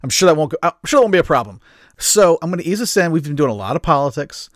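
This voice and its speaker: Dry-witted man, lively voice. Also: on the high side, very fast, no room sound. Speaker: podcast co-host. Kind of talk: casual comedic chat.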